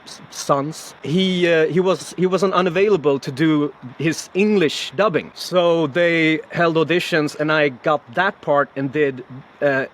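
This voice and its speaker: A man's voice: on the high side, unhurried. A man, a voice actor, telling stories in a casual interview over a video call, with lots of restarts and laughter. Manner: animated storyteller, many restarts and laughs. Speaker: voice actor guest.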